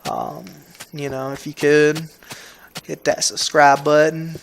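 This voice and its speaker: A man with a Southern US drawl talks casually in a slightly high voice, rambling and restarting his sentences as he goes. He sounds laid-back, and a faint hiss sits under the recording. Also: slow, gravelly. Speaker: gaming video host.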